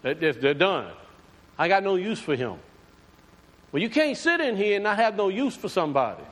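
A man's voice: high-pitched, big pitch swings, normal speed, fairly bright tone. A man preaching a sermon, talking conversationally and asking his congregation questions. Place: church sanctuary. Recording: long hall reverb.

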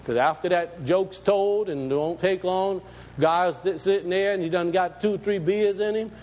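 A man's voice: high voice, measured pace, darkish tone, in a large hall, lo-fi sound. A man, a pastor, preaching a sermon in a folksy, plain-spoken and emphatic way.

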